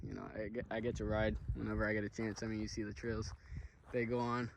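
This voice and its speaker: A man's voice: on the low side, level tone, quick pace, noisy background. A tired, out-of-breath man recording a loose, chatty review vlog outdoors on riding trails, talking with lots of fillers and repeats. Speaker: vlogger reviewing his ATV.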